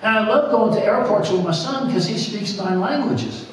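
A man preaches in a high, light voice, mixing jokes and laughter into his message. He stands a little off the mic, and his voice booms around a very echoey church hall. A faint hum sits underneath. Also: normal speed, distant mic. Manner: jokey storytelling preaching, laughs often. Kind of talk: sermon. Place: church sanctuary.

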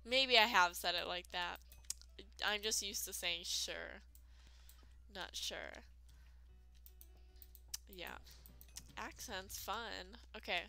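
A woman's voice: medium pitch, takes it slowly, vocal fry, long pauses, pushed and bright, faint music behind. A woman giving casual, rambling let's-play commentary, full of fillers and self-deprecating asides. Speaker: gaming video creator.

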